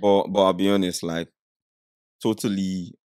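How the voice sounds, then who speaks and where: Deep-voiced laid-back man from Nigeria. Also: flat delivery, moderate pace, a little mellow, clear, resonant tone, no room sound, studio quality. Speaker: podcast guest. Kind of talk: casual chat.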